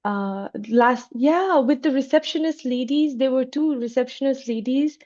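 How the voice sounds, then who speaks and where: High-voiced woman telling a personal story. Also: normal speed, darkish tone. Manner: hesitant, many restarts, acts out quoted lines. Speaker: club member. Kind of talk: casual conversation, personal story. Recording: dull lo-fi sound.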